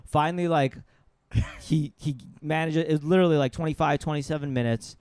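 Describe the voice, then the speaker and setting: A man's voice: on the high side, steady tone, a little fast, darkish tone, smooth, no echo. Dry-sounding man telling a wild story. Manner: rambling, laughing, acts out the people in his stories. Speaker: podcast guest. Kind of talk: casual storytelling. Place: podcast studio.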